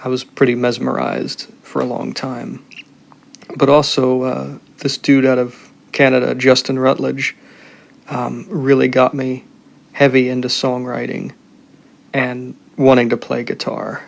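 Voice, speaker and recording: A man sending a recorded answer to a podcast, speaking in a thoughtful, soft-spoken way. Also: medium pitch, completely flat delivery, a little slow, vocal fry. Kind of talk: casual recorded message.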